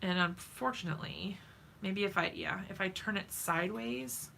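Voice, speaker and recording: A woman's voice: mid-range voice, moderate pace, vocal fry, noisy background. A woman hosting a craft live stream, chatting casually and giggling with viewers in the chat while she works at home.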